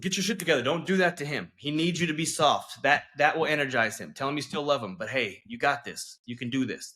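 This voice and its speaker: A man's voice: medium pitch, bright, forceful tone. A man, a relationship coach, talking earnestly as an interview guest and driving his points home with repeated "okay?" and "right?". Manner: emphatic, coaching, keeps checking in with "okay?" and "right?".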